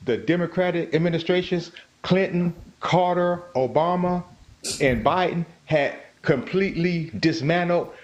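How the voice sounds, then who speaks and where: Brief: man arguing hard, a bit high-voiced, lo-fi call audio. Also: measured pace. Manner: emphatic, repeats words when pressing a point. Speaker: caller. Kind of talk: heated political argument.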